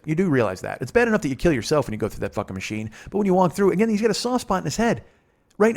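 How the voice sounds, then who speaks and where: Fast-talking swearing comedian telling a story. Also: male voice, medium pitch. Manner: rambling, heavy swearing, riffing asides. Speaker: comedian podcast host. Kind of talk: profane comic storytelling monologue.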